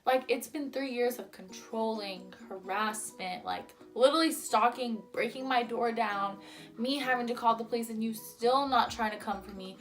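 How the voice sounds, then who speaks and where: Young woman, storytime vlogger, a bit high-pitched, chatty and heated, faint background music. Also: moderate pace. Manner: chatty, heated retelling full of "like". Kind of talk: storytime vlog.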